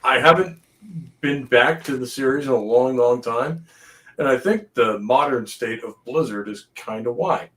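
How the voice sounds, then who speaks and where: A man from New England with a Boston accent chats as a panelist in a relaxed talk show, heard over a video call. His voice sits in a middle pitch, and he talks in an easygoing, talkative way. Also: moderate pace. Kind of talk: casual panel chat.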